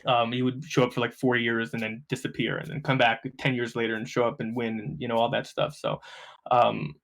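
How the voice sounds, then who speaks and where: Animated guy telling stories. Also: mid-range voice, a little fast, gravelly. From New Jersey. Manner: profane, animated, acts out quoted voices. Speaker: podcast guest. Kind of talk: casual storytelling.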